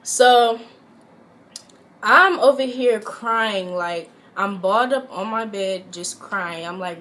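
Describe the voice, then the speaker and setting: A woman's voice: mid-range voice, takes it slowly. Chatty young woman telling a story. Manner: chatty, animated, lots of "like" fillers. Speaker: vlogger. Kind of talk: casual storytime vlog.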